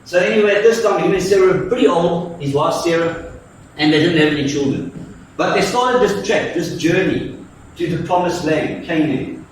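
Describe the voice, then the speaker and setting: A man's voice: fairly high pitch, moderate pace, a little hiss or hum. A man preaching a sermon and telling the story playfully, acting out its voices with jokes. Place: church hall. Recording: echoey church from far off.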